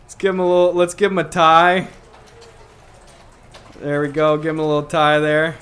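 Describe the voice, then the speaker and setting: A man's voice: on the high side, completely flat delivery, moderate pace, a bit bright, clear, resonant tone. A man streaming a VR game, chatting casually in a goofy, joking way and laughing often. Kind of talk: casual chat while playing a VR game.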